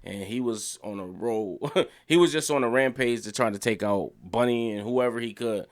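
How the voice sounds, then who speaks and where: A young man casually reviewing a TV show, excited and profane, his pitch jumping up when he gets worked up. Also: normal speed.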